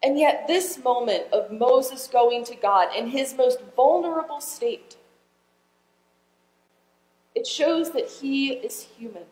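Woman pastor, slightly high voice, chatty sermon full of questions to the pews, roomy church sound. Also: slow pace, darkish tone. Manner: conversational, asks the congregation questions.

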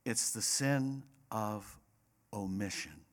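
A man's voice: lowish voice, takes it slowly. A man preaching a sermon as pastor, emphatic and repetitive, rising to passionate peaks.

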